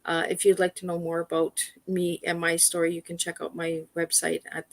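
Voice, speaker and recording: A woman's voice: on the low side, monotone, moderate pace, no echo. A woman speaking as a guest on a livestream, earnest and direct, often repeating words as she urges listeners to ask their doctors. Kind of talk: personal awareness talk. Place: livestream video call.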